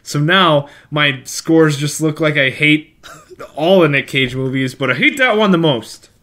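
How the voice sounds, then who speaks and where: Dry-humored man co-host, voice a bit high, relaxed chat. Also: measured pace. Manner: wry, sarcastic humor. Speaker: podcast co-host. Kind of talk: casual movie review chat.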